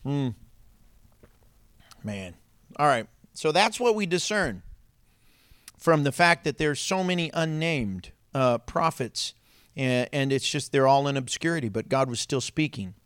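A male pastor delivering a sermon, telling stories with laughter and dropping to a hush for emphasis. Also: mid-range voice, measured pace, long pauses, smooth, no echo, clean studio sound. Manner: animated storytelling with laughs and sudden drops to a hush.

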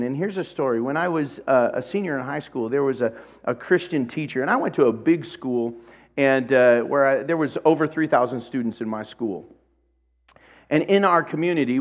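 A man preaching a sermon as pastor, telling a personal story with animation and acting out bits of dialogue. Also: mid-range voice.

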